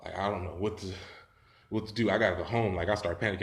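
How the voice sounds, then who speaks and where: A man's voice: deep voice, fairly even intonation, racing, reverberant. A man telling a story in casual, profane talk, rambling and laughing as he goes.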